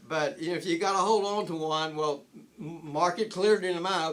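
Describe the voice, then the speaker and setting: A man's voice: a little high, brisk, a bit bright. An older man giving an informal spiritual talk, rambling with frequent restarts and chuckling at his own points. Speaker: spiritual teacher.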